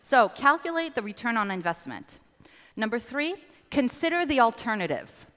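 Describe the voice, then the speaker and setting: Bright-voiced woman coaching a live audience. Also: fairly high pitch, moderate pace. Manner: animated, engages the audience directly. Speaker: business coach speaker. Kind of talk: motivational seminar talk. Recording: reverberant hall.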